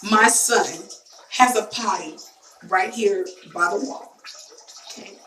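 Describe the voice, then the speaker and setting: A woman's voice: medium pitch, takes it slowly, fairly bright tone, distant mic, a little hiss or hum. Woman, young adult, casual chat to camera, rambling and emotional, bathroom echo. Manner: rambling, emotional storytelling with many fillers. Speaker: vlogger. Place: home bathroom. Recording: echoey bathroom, voice from mic.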